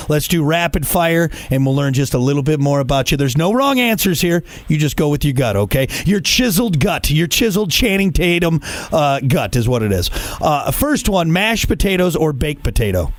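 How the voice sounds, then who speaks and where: A man hosting a music podcast, playful and quick to laugh, with a northern US accent. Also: fairly high pitch, animated, dry recording. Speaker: radio podcast host. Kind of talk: casual interview.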